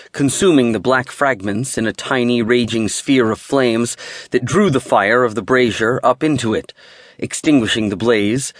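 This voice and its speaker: A man narrating a fantasy audiobook in a steady, measured way, close to a studio mic. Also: medium pitch, dry recording.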